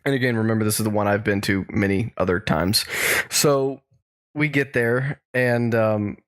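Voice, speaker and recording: A man's voice: on the low side, steady tone, moderate pace. A man co-hosting a podcast, telling a long story in casual chat with many restarts and chuckles. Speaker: podcast co-host.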